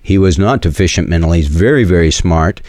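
A man with a Southern US accent giving earnest, preachy radio commentary, quoting scripture and pausing often with fillers and restarts. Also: low voice, a little mellow, no echo, studio quality.

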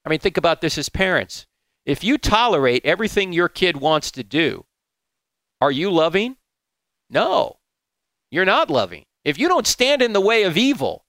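Emphatic man preaching with lively pitch. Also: measured pace, dry recording. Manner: emphatic, with high mocking voices for quoted objectors. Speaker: apologetics speaker. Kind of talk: preaching talk.

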